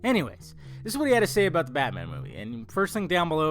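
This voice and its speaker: A man's voice: a little high, huge pitch swings, rapid-fire, fairly bright tone, soft background music. A man vlogging casually about film news, rambling with fillers and restarts in a tired morning voice. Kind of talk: casual movie news chat.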